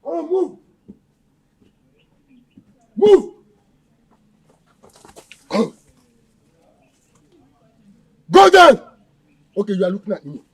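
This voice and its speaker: A coarse, mocking kidnapper growls threats in a Nigerian Pidgin accent. His husky voice sits high and swings wildly as he taunts his captive. The sound is close and dry. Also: very animated, fairly quick, dry recording, heavily acted. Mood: menacing. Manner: threatening, taunting, shouting orders. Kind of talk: Nollywood film acting.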